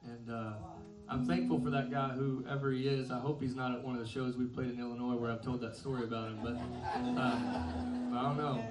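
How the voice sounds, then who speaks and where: A man's voice: mid-range voice, fairly even intonation, moderate pace, loud music behind the voice. A male singer talking to a concert crowd between songs, telling a story in a chuckling, self-deprecating yet earnest way. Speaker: band singer on stage. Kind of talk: stage banter between songs. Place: live concert venue. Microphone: stage vocal mic. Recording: echoey live room, mic from a distance.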